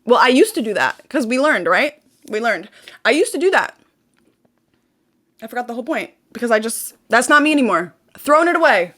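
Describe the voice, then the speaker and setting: A woman's voice: fairly high pitch, sing-song, a little fast, sharp tone. A young woman hosting her own channel, ranting bluntly and emotionally, swearing often and repeating phrases for emphasis. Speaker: channel host. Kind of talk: emotional personal rant.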